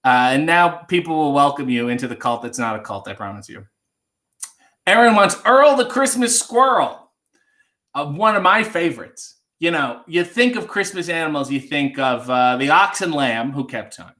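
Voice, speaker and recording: A young man hosts a casual livestream, joking with viewers and swearing a little. His voice sits high for a man and sounds bright and lively. He reads requests aloud and sings carols between the chat. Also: normal speed. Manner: sings Christmas songs, then chats loosely with swearing and asides.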